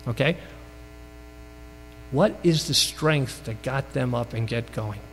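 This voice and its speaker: A man's voice: slow pace, big-room sound, slight background noise, rough recording. A man from Brooklyn, New York, with a Brooklyn accent, preaching a sermon and telling a story, often asking the congregation questions. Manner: storytelling, asks the audience questions, rises and falls in pitch for emphasis.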